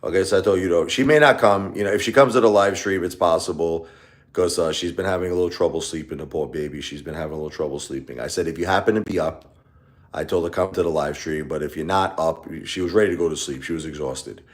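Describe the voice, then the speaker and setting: A man's voice: low voice, fast talker. A man hosting a casual live stream, talking in a rambling, repetitive way and lashing out at his critics.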